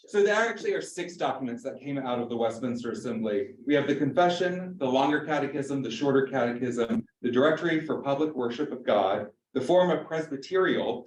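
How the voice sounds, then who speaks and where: A man, a pastor teaching an adult church class in a joking, chatty way and quizzing the audience. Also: mid-range voice. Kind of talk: informal church class lecture. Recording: roomy room, mic at a distance.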